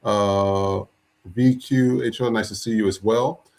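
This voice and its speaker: A man's voice: lowish voice, fairly even intonation, slow pace, a little mellow. Laid-back male podcast host. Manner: loose, filler-heavy, greeting viewers by name. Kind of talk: casual live-stream chat.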